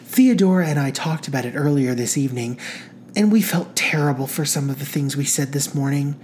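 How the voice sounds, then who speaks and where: A woman voicing an eager, gossipy woman friend, bubbly and excited. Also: sits low, brisk, slight background noise, close to an everyday voice.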